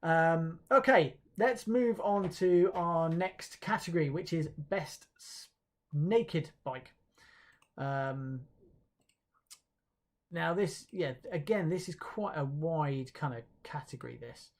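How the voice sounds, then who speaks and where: Here the livestream awards presenter takes things slowly, voice pitched squarely in the middle. The talk is casual and halting, packed with fillers, self-corrections and light self-deprecating jokes, with audience comments read out between the announcements.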